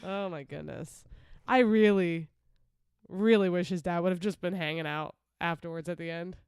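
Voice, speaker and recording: A woman's voice: lowish voice, moderate pace, a little mellow, clear, resonant tone, dry recording, studio quality. A woman co-hosting a podcast in casual, emphatic chat, laughing often. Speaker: podcast co-host.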